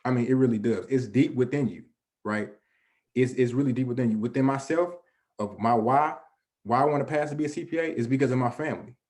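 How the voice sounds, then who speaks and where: A man's voice: mid-range voice, brisk, darkish tone. A man giving a motivational presentation to a young audience. He speaks in an earnest, conversational way, often restarting and filling with "you know", and asks and answers his own questions. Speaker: guest presenter.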